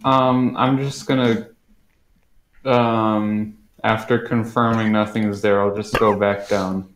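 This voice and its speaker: A man's voice: on the low side, flat delivery, slow, a little hiss or hum. Laid-back man with roomy echo. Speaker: player. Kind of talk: casual tabletop game play.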